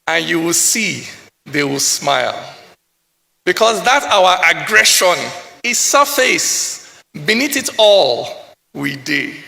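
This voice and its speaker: A man's voice: high voice, animated, slow pace, vocal fry, pushed and bright. A man with a Nigerian accent performing a spoken-word poem as a welcome speech, rhythmic and declamatory, in a large convention hall. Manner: rhythmic, declamatory, building repetitions. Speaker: poet. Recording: echoey hall reverb.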